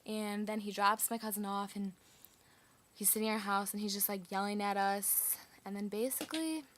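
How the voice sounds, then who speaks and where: A woman's voice: medium pitch, fairly even intonation, normal speed, a bit bright, slight background noise. A woman casually telling a personal story, chatty and full of "like" fillers.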